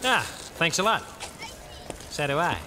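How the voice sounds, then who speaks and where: A prim, clipped Australian TV cricket commentator in a comedy sketch, sitting a touch high in pitch. He stays measured and polite on the surface while muttering insults under his breath. Street traffic hums behind him. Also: sing-song. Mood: chummy. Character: prim middle-aged male TV cricket commentator.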